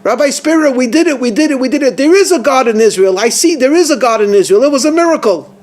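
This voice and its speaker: A man's voice: very high-pitched, lively intonation, moderate pace, mellow, voice pushed up. A man crying out as a frantic, overjoyed starving prisoner.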